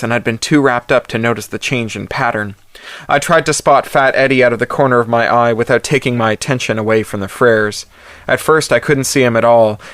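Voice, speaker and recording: A man's voice: lowish voice, fairly bright tone, no echo. A man reading a first-person story aloud, in a wry, hardboiled delivery. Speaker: audiobook narrator.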